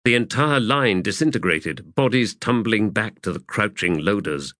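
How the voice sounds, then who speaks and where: Male narrator, low voice, measured delivery, dry close recording. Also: expressive, fairly bright tone, dry recording. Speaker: audiobook narrator. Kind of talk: scripted narration.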